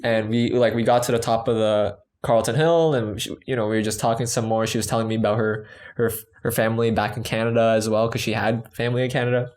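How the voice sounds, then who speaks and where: A man's voice: mid-range voice, steady tone, quick pace, few pauses, a little mellow. A young man co-hosting a casual chat, telling a rambling travel story with many fillers. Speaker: podcast co-host.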